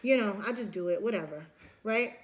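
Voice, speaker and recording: A woman's voice: mid-range voice, fairly quick. A woman giving a casual recorded lecture, chatty, acting out everyday examples with lots of fillers and restarts.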